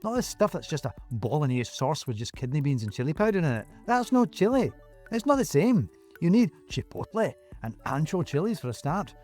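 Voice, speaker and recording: A man's voice: on the high side, very animated, a little fast, darkish tone, faint music behind, voice pushed up. Man doing an insistent, eager home cook. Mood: emphatic. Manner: insistent, emphatic.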